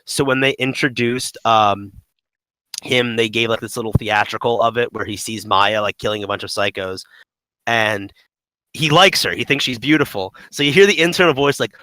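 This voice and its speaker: A man talks games on a podcast in a bright, forward voice, recorded dry and close. His speech rambles with lots of fillers and animated swings. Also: mid-range voice, moderate pace, no room sound, rough recording. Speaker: podcast co-host. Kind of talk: casual gaming podcast chat.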